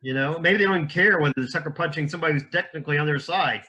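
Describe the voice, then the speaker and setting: A man's voice: on the high side, rapid-fire. A man as a podcast guest, talking casually, joking and acting out little scenes. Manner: animated, jokey, acts out little scenes. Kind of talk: casual chat.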